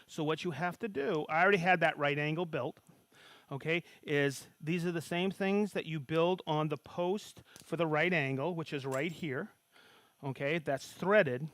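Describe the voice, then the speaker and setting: A man giving a live woodworking tool demonstration, excitable and folksy, often checking in with "okay?" and calling out greetings to viewers. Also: on the high side, no room sound.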